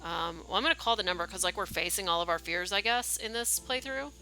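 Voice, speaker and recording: A woman's voice: medium pitch, fast, pushed and bright, faint music behind, low-quality recording. A young woman streaming a game, chatting casually and rambling, with lots of "like" and "um". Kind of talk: casual livestream commentary.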